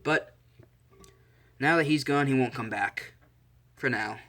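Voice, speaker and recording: A man's voice: mid-range voice, slow, a bit bright. Man improvising a story, rambling. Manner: rambling, self-amused asides. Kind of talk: improvised casual story narration.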